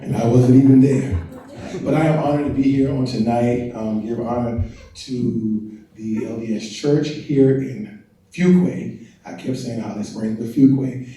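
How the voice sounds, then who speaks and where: An older man gives a chatty, self-deprecating talk to an audience, joking with the crowd as he goes. His voice is mellow and dark, and the sound rings through a big echoey hall, picked up from a distance. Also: medium pitch, unhurried. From North Carolina and Washington, D.C. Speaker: guest speaker, family historian. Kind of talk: casual speech to an audience. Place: large event hall.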